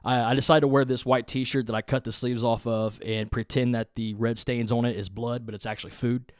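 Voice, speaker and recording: A man's voice: medium pitch, level tone, a little fast, clear, resonant tone, no echo, clean studio sound. A man with a Southern Ohio accent hosting a solo podcast, talking off the cuff in a profane, rambling, laid-back way. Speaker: podcast host. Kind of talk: unscripted solo podcast chat.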